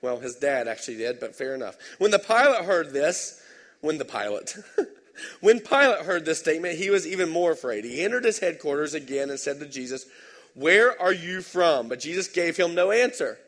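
Male pastor, slightly high voice, casual and animated sermon, long reverb. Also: fairly quick. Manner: conversational, animated, tag questions.

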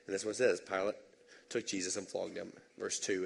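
A man pastor giving a conversational, animated sermon in a church sanctuary. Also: low voice, fairly quick, vocal fry, husky. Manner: conversational, animated, tag questions. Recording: long hall reverb.

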